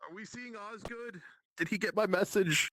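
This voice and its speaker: A man playing a soldier in a roleplay, giving eager, quick replies in character. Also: sits high, heavy background noise. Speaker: roleplay player. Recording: voice chat over faint music.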